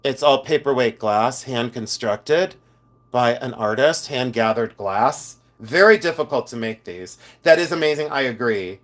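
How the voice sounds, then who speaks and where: A man's voice: mid-range voice, expressive, unhurried. A man hosting a live stream, chatting casually, joking and reading viewer comments aloud. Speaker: live stream host reselling buttons.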